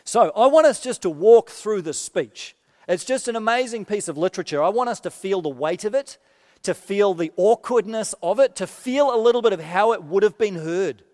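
High-voiced man preaching in a reverberant hall. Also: normal speed. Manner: animated, acts out quoted voices, dry asides. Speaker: pastor. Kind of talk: sermon.

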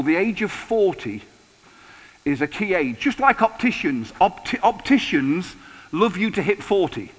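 A man in his sixties preaching in a large hall, his high, bright voice trailing a long reverb. He keeps the sermon conversational and lively, with touches of humor. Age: 60s. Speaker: pastor.

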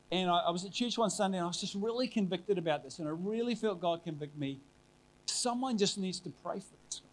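A middle-aged man preaching a sermon, telling a personal story in an earnest, conversational way with frequent restarts. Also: high-pitched.

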